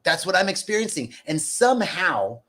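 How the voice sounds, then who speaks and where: A man's voice: high-pitched, sing-song, moderate pace, bright, forceful tone. A middle-aged man giving a talk on acceptance as a spiritual teacher, earnest and repetitive, his voice leaping up for emphasis.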